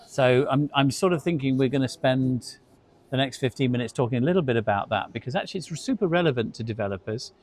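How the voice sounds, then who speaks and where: A man's voice: mid-range voice, quick pace, a little mellow. A middle-aged man, co-hosting a casual industry discussion and telling chatty anecdotes, sometimes repeating words as he goes. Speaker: co-host, hospitality industry expert.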